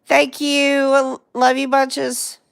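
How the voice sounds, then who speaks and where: A woman's voice: high-pitched, monotone, slow, vocal fry, dry recording, clean studio sound. A middle-aged woman hosting a casual livestream chat, rambling along, chatting to viewers and laughing often. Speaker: livestream host.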